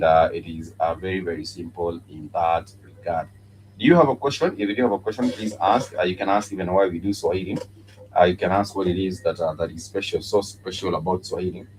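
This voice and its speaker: A man teaching a live-streamed language lesson, pausing often with "uh" and repeating each word slowly for learners. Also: sits low, poor audio. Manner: halting, many "uh" fillers, repeats words slowly for learners. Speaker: Swahili teacher. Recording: faint background noise.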